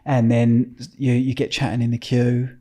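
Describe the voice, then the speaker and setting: A man's voice: mid-range voice, monotone, normal speed, dark tone. A man with an Essex accent, a guest in a podcast interview, telling stories in a blunt, rambling way, swearing freely and restarting his sentences. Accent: Essex English. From Essex, England. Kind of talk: casual interview storytelling.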